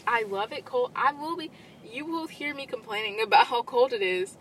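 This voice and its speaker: A young woman chatting casually as a podcast co-host, animated and laughing mid-sentence. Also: fairly high pitch, normal speed, slight background noise, rough recording. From Louisiana, US. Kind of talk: casual chat.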